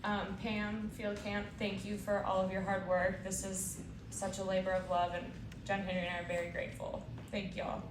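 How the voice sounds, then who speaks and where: Emotional young bride thanking guests. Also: female voice, mid-range voice, level tone, normal speed. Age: young adult. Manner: grateful, emotional, says y'all often. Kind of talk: wedding speech. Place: indoor party venue. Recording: echoey room from far off, loud party noise.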